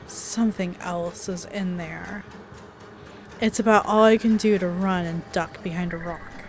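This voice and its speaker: Reading a visual novel aloud for a let's play, this woman alternates dramatic narration with casual, chatty asides and laughter. Her pitch is fairly low, and there's a little hiss or hum in the audio.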